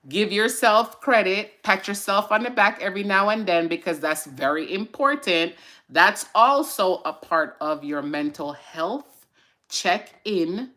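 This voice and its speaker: A woman hosts a casual live-stream chat, talking in a chatty, encouraging way to her viewers. Her voice is bright and forward. It sits a little low for a woman. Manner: chatty and encouraging, with fillers and side remarks to viewers. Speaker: host of a mental health segment.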